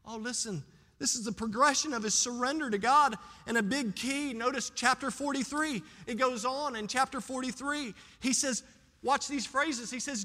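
A man's voice: very high voice, moderate pace, sharp tone. A man preaching a sermon as pastor, impassioned, his voice rising and dropping sharply. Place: church sanctuary. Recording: long church reverb.

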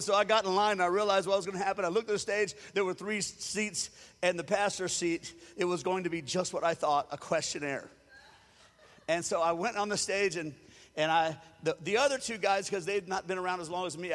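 A man's voice: high-pitched, a little fast, fairly bright tone, long reverb tail. A man from Louisiana, preaching a sermon as a storyteller who acts out the quotes and chuckles often. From Louisiana, USA. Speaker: pastor.

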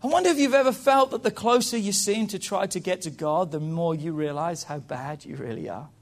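A man preaching from the pulpit with a high voice. He moves between quiet, drawn-out lines and raised, emphatic declarations. He leans on rhetorical questions and repeats phrases for emphasis. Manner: preaching with big swings between hushed and emphatic. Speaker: pastor. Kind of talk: sermon.

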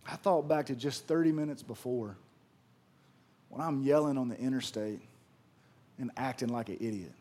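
A man preaching a sermon to his congregation, telling a story in a folksy, animated, conversational way with slangy phrasing. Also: mid-range voice, moderate pace, pauses often. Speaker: pastor.

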